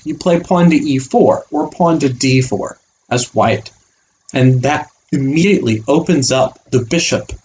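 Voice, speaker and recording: A man as a chess coach giving an online chess lesson, animated and playful, acting out the pieces as little characters. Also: mid-range voice, slight background noise.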